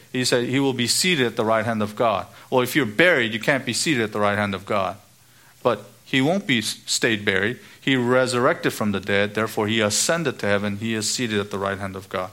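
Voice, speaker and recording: A man preaching a sermon, emphatic, quoting the scriptures, rising for stress and dropping low on key words. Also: a bit bright. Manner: quotes the scriptures.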